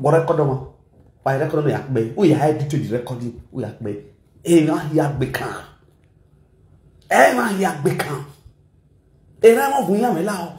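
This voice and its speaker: A Nigerian man rants casually and mockingly, in a high voice full of big swings in pitch. He is recorded in a roomy space that echoes around him. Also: a little mellow. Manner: mocking, mixes pidgin and local languages. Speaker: online commentator. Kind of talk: casual ranting commentary.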